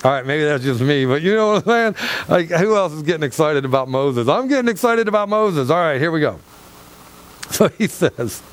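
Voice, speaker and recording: A man preaching through a Bible passage, excitable and acting out the dialogue. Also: a little high, moderate pace. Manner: excitable, acts out scripture dialogue, laughs often. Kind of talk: animated Bible teaching.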